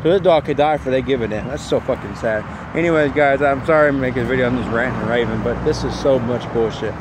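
Man, mid-pitched, venting angrily on his phone with traffic noise all around. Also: quick pace. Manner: upset, ranting, swearing. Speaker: vlogger. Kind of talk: ranting phone vlog. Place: outdoors at a work site, near traffic.

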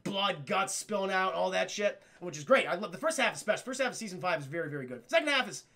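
A man's voice: high voice, lively intonation, fast talker, bright, forceful tone. A man giving a casual live-stream cartoon review, rambling, swearing and acting out scenes for chat. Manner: profane, rambling, talks to chat; acts out scenes in voices.

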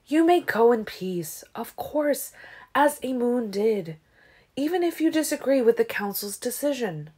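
A woman's voice: fairly high pitch, sing-song, measured pace, slightly rough, voice pushed up, full character voice. A woman reading as a silken ancient vampire lord. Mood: smooth, condescending. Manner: tolerant, silken, falsely gentle. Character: ancient smooth-talking male vampire leader. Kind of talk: audiobook character reading.

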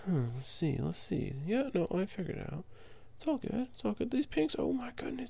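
A man giving casual commentary on his own strategy match, muttering to himself and jumping to high, exasperated yelps when things go wrong. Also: sing-song, normal speed, creaky, hardly any pauses, dark tone, breathy edge, no echo.

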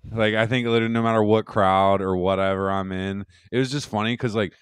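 A man's voice: lowish voice, steady tone, fast, clear, resonant tone, dry recording. A man co-hosting a podcast, telling rambling, profane, boastful stories about doing stand-up. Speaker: podcast co-host and stand-up comic. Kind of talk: casual podcast chat.

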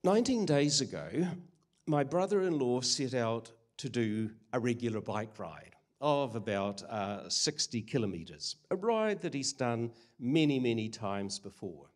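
A man's voice: medium pitch, big pitch swings, unhurried. An older man preaching a sermon, earnest and conversational with frequent hesitations. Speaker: guest preacher.

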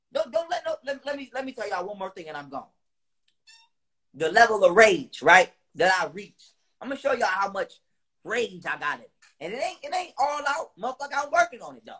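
High-pitched man ranting with heavy profanity. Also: husky. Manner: profane, ranting, repeats lines for emphasis; loud bursts between lower, quieter stretches. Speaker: online speaker. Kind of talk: heated monologue to viewers.

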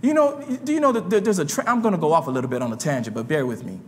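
Preacher, man, high and lively voice, impassioned sermon delivery, church hall reverb. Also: racing, slight background noise. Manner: impassioned, swinging between low murmurs and shouts. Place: church sanctuary.

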